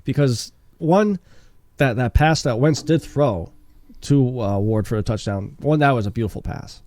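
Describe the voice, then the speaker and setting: A man co-hosting a casual sports podcast, talking in a rambling, halting way with many restarts. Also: mid-range voice, a little mellow, no echo. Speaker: podcast co-host.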